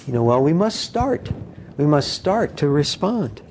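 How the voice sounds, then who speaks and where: A man preaching a conversational sermon, animated and full of "you know", acting out quoted voices. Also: a little slow, background noise. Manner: animated, acts out quoted voices with big pitch jumps.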